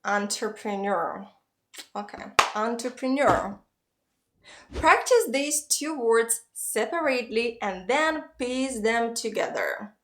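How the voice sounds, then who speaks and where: A woman teaching pronunciation in an online lesson, slowly saying long words aloud for the viewer to copy. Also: fairly high pitch, expressive. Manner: slow, careful modeling of Russian words. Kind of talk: scripted online language lesson.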